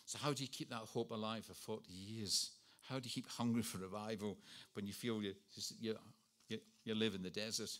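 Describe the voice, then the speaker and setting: A man's voice: on the low side, steady tone, fairly quick. A Scottish man in his sixties preaching a sermon, earnest and storytelling with self-deprecating humour. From Scotland. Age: 60s.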